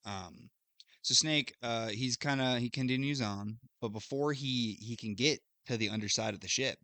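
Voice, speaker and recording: A man's voice: mid-range voice, moderate pace, bright, forceful tone, no echo. A man co-hosting a podcast, casually retelling a video game plot in a loose, rambling way with plenty of fillers. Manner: loose storytelling recap, thinks aloud with fillers. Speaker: podcast co-host recapping a game. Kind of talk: casual chat.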